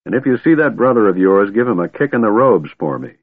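A gruff old dwarf near death speaks with grumbling affection, as a man reads him aloud. His low voice swings widely in pitch. The audio is dry and thin, like a phone line. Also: very animated, quick pace, no room sound, exaggerated voice. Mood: gruff fond. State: weak, fading. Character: dying old male dwarf warrior, gruff but fond.

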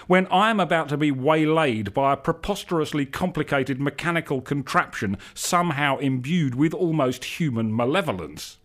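A man voicing an excitable, panicky young man who screeches his lines in alarm. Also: a little fast, creaky, hardly any pauses, exaggerated voice. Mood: panicked. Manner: shrill, screeching, frantic.

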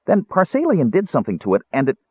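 A man putting on a small male kender, high and perky, excited prattler, thin phone-like sound, dry. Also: slightly rough, dry recording, exaggerated voice. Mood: chattering. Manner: excited prattling, eager and hurried. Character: chirpy, cheerful, chattering small male kender. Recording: tinny phone-like band.

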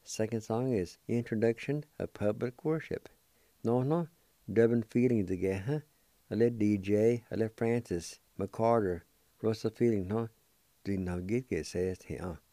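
A man hosting a radio language lesson, spelling out words letter by letter and repeating each one slowly for listeners to practice. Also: on the low side, mellow, no echo. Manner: slow, careful spelling out of letters and syllables; repeats each word several times for practice.

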